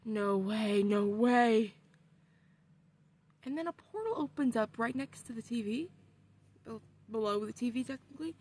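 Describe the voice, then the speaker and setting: Excitable swearing woman telling a story. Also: a little high, brisk, breathy edge. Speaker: vlogger. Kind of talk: casual storytelling.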